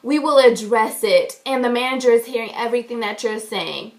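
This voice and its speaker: A woman's voice: on the high side, a little fast, natural voice, rough recording. A woman quoting a curt bank teller. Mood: officious. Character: curt female bank teller citing policy.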